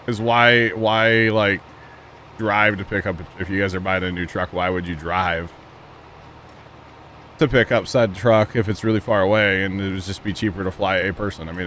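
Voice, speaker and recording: A man's voice: deep voice, a bit bright, a little hiss or hum. A man casually chatting with his viewers while playing a farming game, rambling and laughing at himself. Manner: rambling, talks to chat, chuckles at himself. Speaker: livestream gamer.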